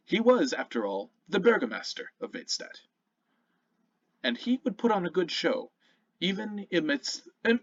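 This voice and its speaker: Male game master narrating a tabletop game, animated and expressive delivery, muffled lo-fi audio. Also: on the high side, no echo. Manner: descriptive and animated, with occasional self-corrections. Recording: muffled lo-fi recording.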